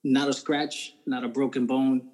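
This is a man from New Jersey sharing his faith testimony in an interview. He speaks at an ordinary middle pitch. His delivery is casual and earnest, with emphatic stresses and frequent "right?" check-ins. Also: flat delivery, unhurried, a little mellow, rough recording. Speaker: interview guest.

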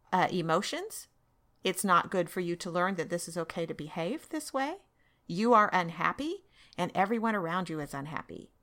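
A woman hosting a parenting podcast, giving calm, firm instructions in a monologue and often checking in with "okay?". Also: mid-range voice.

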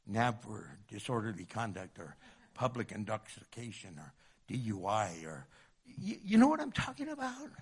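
A male pastor preaching a sermon, moving between loud emphatic passages and hushed ones. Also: lowish voice, very animated, normal speed, husky.

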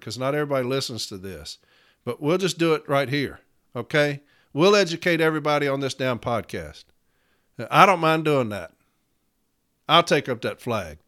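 A man's voice: fairly high pitch, fairly bright tone. A man hosting a union podcast, delivering a profane, fired-up rallying rant.

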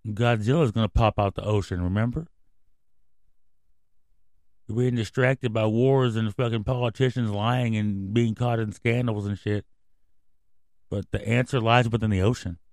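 A man's voice: lowish voice, steady tone, normal speed, pauses often, darkish tone, no room sound, clean studio sound. A man hosting a comedy radio show, ranting in a profane, rambling, conspiratorial way. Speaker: host. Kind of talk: casual radio rant.

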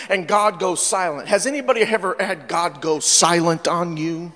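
Hombre predicando con voz aguda y sala resonante. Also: male voice, high voice, normal speed, few pauses, in a large hall. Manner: animated preaching, swings from hushed to loud. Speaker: pastor. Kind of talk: sermon. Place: church sanctuary.

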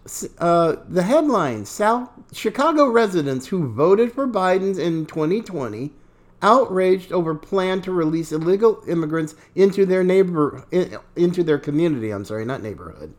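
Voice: mid-range voice, very animated, moderate pace. A podcast host giving sarcastic political opinion commentary, mocking and chuckling between remarks.

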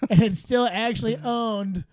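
A man's voice: high-pitched, steady tone, unhurried, darkish tone, dry recording, clean studio sound. A young man co-hosting a podcast, joking in casual comedic banter with a crude, playful manner. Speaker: podcast co-host.

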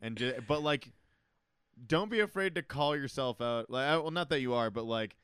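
A young man on a comedy podcast tells stories with loose, profane enthusiasm. His voice is smooth and mid-pitched, and it sounds dry and close. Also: animated, normal speed, fairly bright tone, no echo. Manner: loose, swearing, enthusiastic storyteller. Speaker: stand-up comedian and podcast co-host. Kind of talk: casual podcast chat.

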